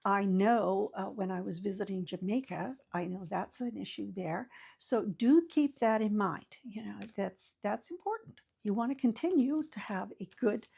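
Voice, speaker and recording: A woman's voice: mid-range voice, vocal fry, a little mellow, breathy edge. An older woman, host of her own channel, giving casual, folksy advice to camera with many fillers and restarts.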